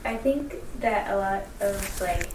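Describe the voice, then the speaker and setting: A young woman in the audience asking a question, hesitant and halting, full of fillers. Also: mid-range voice, darkish tone, slight background noise. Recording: distant audience mic in an echoey room.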